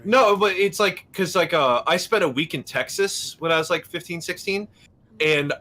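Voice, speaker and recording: A young man rambles through a casual livestream chat, swearing freely and laughing at his own stories. His voice sits a little high and rings bright. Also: moderate pace. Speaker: livestream host. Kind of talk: casual gaming stream chat.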